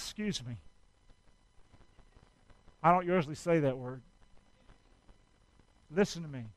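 A preacher with a high, smooth, ringing voice leads his congregation in call-and-response. He swings from hushed, earnest pleading to loud, fervent cries. The sound is dry and close. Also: slow pace, pauses often, no room sound, poor audio. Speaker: pastor. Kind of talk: sermon.

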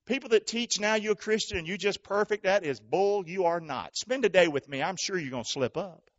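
A male pastor preaching a sermon to his church, calling for responses and swinging between shouting and hushed talk. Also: high voice, fairly quick, muffled recording.

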